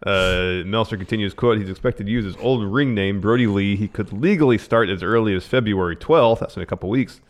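A man with a low voice co-hosts a casual podcast in a dry, laid-back manner. He reads quoted reports flatly between quips. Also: fairly quick, few pauses. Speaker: podcast co-host. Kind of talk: casual chat.

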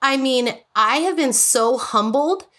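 Bright-voiced, emotional woman guest. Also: high-pitched, expressive, slow pace. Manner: emotional, earnest, full of restarts. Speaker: podcast guest. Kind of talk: casual podcast conversation.

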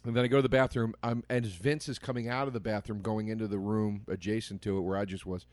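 A man's voice: fairly low pitch, fairly even intonation, fast talker, a little mellow, no room sound. A man telling a long story to his podcast co-host, laughing often and quoting people in his own voice. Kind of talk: casual chat, storytelling.

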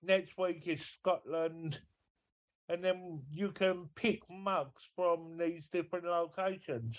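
A man joining a casual podcast chat over a video call, blunt and cheeky with deadpan jokes. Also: fairly high pitch, slow pace. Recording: dull remote video-call audio.

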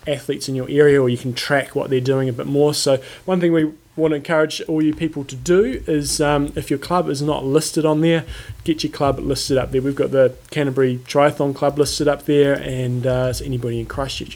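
A man's voice: mid-range voice, a little mellow. A man co-hosting a casual chat, easygoing with dry humor. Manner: easygoing, dry, brief replies. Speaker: podcast co-host.

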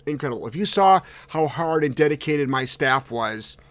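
A man's voice: on the high side, lively intonation, moderate pace, fairly bright tone, no echo. A man hosting a casual live dog-training Q&A, talking bluntly and emphatically and repeating words for stress. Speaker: dog trainer and show host.

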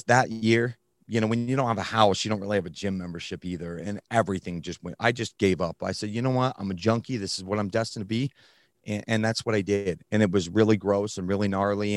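A man, a guest on a talk show, telling his personal story candidly in casual slang, often halting and restarting. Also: lowish voice, no room sound, clean studio sound. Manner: blunt, casual, uses slang. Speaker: guest recounting his addiction recovery.

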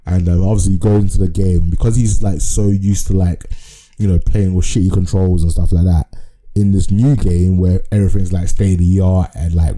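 A man's voice: low-pitched, mellow, rough recording. A man co-hosting a podcast, chatting casually about anime in a rambling, sweary, slangy way. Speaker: podcast co-host.

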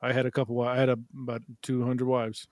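A man's voice: medium pitch, completely flat delivery, a little fast, a little mellow, no echo. A man improvising a weary trader in a comedy sketch, rambling and hesitant. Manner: rambling, hesitant, full of ums.

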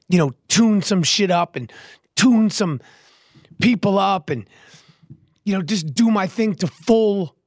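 A man hosting his own podcast, his voice hoarse and not at full strength, talking in a brash, profane, rapid-fire way and repeating catchphrases. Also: high voice, dry recording, clean studio sound. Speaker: podcast host. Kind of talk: hyped solo podcast monologue.

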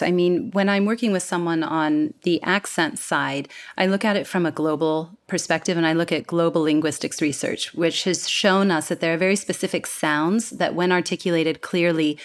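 An American woman in her thirties, an accent coach, explaining in an animated, lively way during an interview. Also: lowish voice. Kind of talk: interview conversation.

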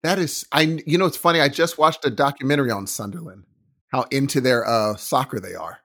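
A man co-hosting a podcast in casual chat, animated, joking and slangy. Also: mid-range voice, a little fast.

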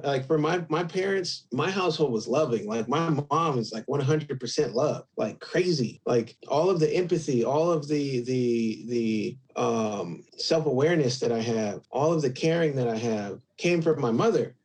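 A man's voice: a little high, a little mellow, husky, distant mic, poor audio. A man as an interview guest, telling a personal story earnestly and rambling a bit, leaning on "like" a lot. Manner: earnest, rambling, heavy use of "like".

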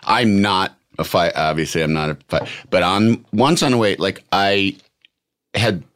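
A man's voice: deep voice, a little slow. A middle-aged man chatting casually, rambling and stopping himself mid-sentence. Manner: rambling, self-interrupting, lively delivery. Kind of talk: casual chat.

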